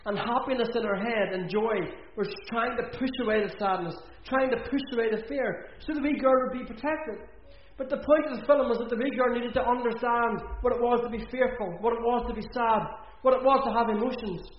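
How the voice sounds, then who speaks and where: Earnest preacher in an echoey church. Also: male voice, very high-pitched, a little fast, hardly any pauses. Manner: earnest, repeating phrases for emphasis. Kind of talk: sermon. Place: church hall. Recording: echoey, dull church recording.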